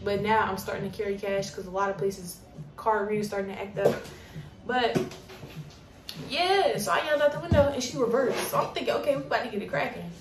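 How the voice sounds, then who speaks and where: A young woman working at a coffee shop tells a storytime in a blunt, animated and profane way. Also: mid-range voice, brisk. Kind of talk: casual storytime. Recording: roomy, distant from mic, faint noise.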